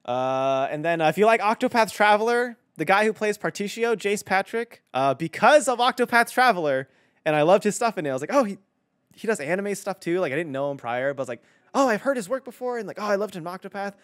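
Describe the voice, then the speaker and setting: A man's voice: high voice, lively intonation, fast talker, fairly bright tone, dry recording, studio quality. A young man streaming casually as a voice director. He rambles and swears, with lots of fillers. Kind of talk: casual stream chat while playing.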